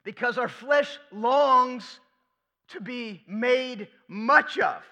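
A man's voice: very high voice, extremely slow, sharp tone. A man preaching a sermon as pastor, emphatic, asking rhetorical questions and repeating key phrases.

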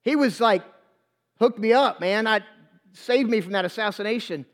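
A man's voice: high-pitched, moderate pace, pitched below the performer's own voice, natural voice. A man voicing an ancient king who talks in casual, slangy everyday speech, inside a sermon with long hall reverb.

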